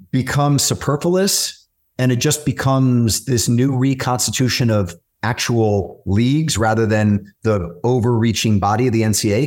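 A middle-aged man hosting an interview, telling quick, chatty anecdotes and asking long questions. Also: mid-range voice, a little mellow. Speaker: interview host. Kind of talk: casual conversation.

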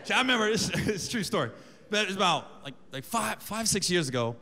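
Fast, high-voiced stand-up comedian. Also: male voice. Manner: animated, profane, anecdotal. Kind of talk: stand-up storytelling. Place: large live venue. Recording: echoey hall with audience noise.

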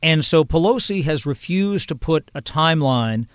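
A man who is a congressional news producer, explaining in a measured, detailed way as a podcast guest. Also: a little high, expressive, smooth, no echo. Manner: measured, explanatory, piles up clauses and examples. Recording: dull lo-fi sound.

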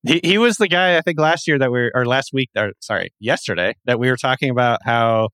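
Co-hosting a fantasy football podcast, this man rambles through casual sports chat, correcting himself constantly and dropping plenty of fillers. His mid-range voice is brisk and a little bright, recorded cleanly with no echo.

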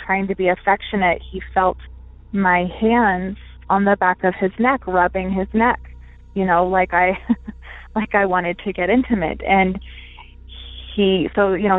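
A woman's voice: medium pitch, no echo. Woman caller, chatty storyteller, tinny phone line, dry sound. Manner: chatty, many fillers and restarts. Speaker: caller telling a ghost story. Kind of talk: recorded personal story.

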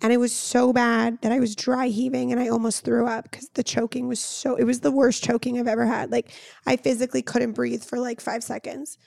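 Hoarse raspy gal cohosting a podcast, kinda high, gravelly, dry close sound, swears a lot. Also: female voice, little pitch movement, fairly quick, a little mellow, no echo. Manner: casual, swears freely, storytelling. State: hoarse, lost voice. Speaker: podcast co-host. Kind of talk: casual chat.

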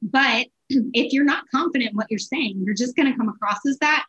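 A woman guest in an interview, giving sales advice in an energetic, animated way with quick bursts. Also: high-pitched, lo-fi sound.

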